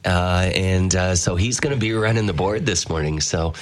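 A man's voice: low voice, normal speed. A man hosting a morning radio show, chatting in a loose, rambling way and laughing often. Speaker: radio host. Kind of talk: casual radio chat. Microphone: studio mic.

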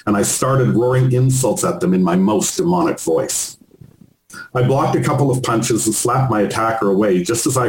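A man reads aloud from his own memoir in a measured storytelling voice, pitched on the low side. The recording sounds roomy, with a faint hiss behind it. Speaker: author reading his memoir. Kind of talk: memoir reading.

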